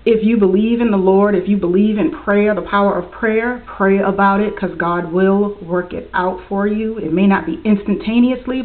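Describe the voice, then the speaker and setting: A young woman earnestly sharing a heartfelt personal message in a vlog, speaking with faith and warmth. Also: mid-range voice. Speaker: vlogger. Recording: tinny, phone-like lo-fi audio.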